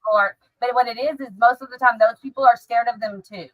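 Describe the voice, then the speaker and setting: A woman's voice: fairly high pitch, steady tone, fairly quick, no room sound, narrow, tinny audio. A woman hosting a casual interview, talking earnestly in long run-on sentences full of "like". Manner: earnest, runs on with fillers like "like". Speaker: host.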